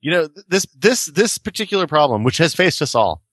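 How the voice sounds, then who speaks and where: A man's voice: on the high side, very animated, brisk, fairly bright tone, dry recording. A man co-hosting a podcast, cutting in with wisecracks and teasing questions. His voice rises and falls a lot. The recording is dry and close-miked. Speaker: podcast co-host. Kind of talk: casual podcast banter.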